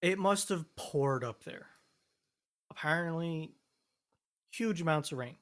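Relaxed man with a higher voice chatting. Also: takes it slowly. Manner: laid-back storyteller recounting events step by step. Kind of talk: casual chat.

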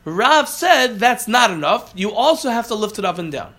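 High, bright-voiced Talmud teacher. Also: male voice, very animated, moderate pace. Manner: translates each Aramaic phrase, often corrects himself. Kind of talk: Talmud class explanation.

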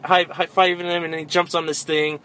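A man in casual chat, retelling a movie with lots of swearing and animated energy. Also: on the high side, a little fast.

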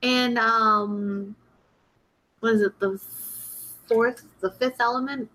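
A woman co-hosting a casual stream, speaking in a low-key, hesitant way. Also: steady tone, slow, background noise. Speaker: co-host. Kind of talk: casual chat.

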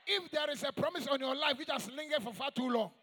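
A man preaching a sermon to a church congregation, emphatic and call-and-response, with shouted high points. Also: fast. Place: large church hall. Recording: long echoing church reverb.

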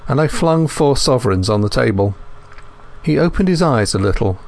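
A man reading a first-person thriller as an audiobook narrator, in a measured, steady manner. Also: medium pitch.

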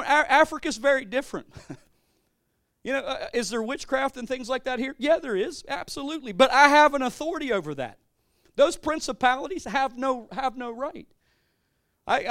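A man preaching from the pulpit with a high-pitched voice, his delivery lurching between forceful proclamations and hushed, chatty storytelling. He often stumbles and restarts his phrases. The sound is close and dry. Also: dry recording. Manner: animated, swings between loud declarations and quiet storytelling, stammering restarts. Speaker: pastor. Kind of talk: sermon.

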